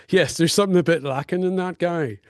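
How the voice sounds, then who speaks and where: A middle-aged man with a Northern Irish accent, a guest telling stories in a wry, unhurried way. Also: high voice, no room sound, studio quality. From North Belfast. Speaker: guest songwriter and storyteller. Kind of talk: conversational storytelling.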